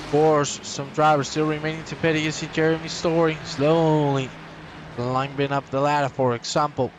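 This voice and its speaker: A man calls a sim race live, his voice sitting a little high as he switches between quick race updates and playful, joking banter with his co-host. His delivery stays lively and chatty throughout, with a faint hiss running behind it. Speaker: race commentator. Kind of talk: live sim racing commentary.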